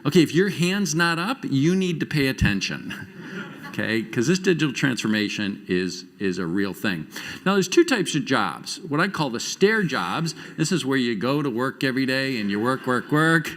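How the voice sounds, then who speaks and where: A middle-aged man giving a conference talk on stage to a live audience, telling stories with quick shifts in loudness and pace. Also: mid-range voice, sing-song. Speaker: conference speaker.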